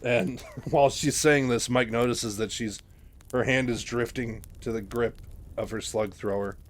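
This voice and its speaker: A man's voice: medium pitch, fairly even intonation, unhurried. A man casually retelling a novel, loose and full of fillers. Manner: loose, filler-heavy, lots of "like". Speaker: book retelling host.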